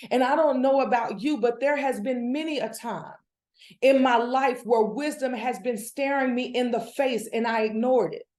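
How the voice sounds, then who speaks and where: A woman giving a devotional Bible teaching, preaching with animated energy that builds in excitement. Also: on the high side, moderate pace, reverberant. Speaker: devotional speaker.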